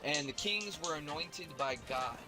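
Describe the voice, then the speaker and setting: A man's voice: fairly high pitch, animated, measured pace, music in the background. An American man chatting casually on a stream, rambling and profane, with many restarts. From United States.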